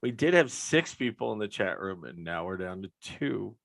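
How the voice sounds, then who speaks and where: A man's voice: fairly low pitch, sing-song, moderate pace, gravelly, crowd noise. Dry-voiced man, a little exasperated. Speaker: co-host. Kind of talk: casual chat.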